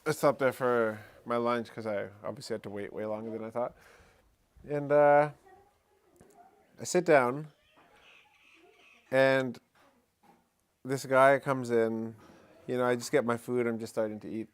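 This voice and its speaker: A man's voice: medium pitch, unhurried, pauses often, smooth. Casual rambling man. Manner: relaxed, rambling, lots of fillers like "you know" and "eh". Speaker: host of a live talk stream. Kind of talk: casual storytelling chat.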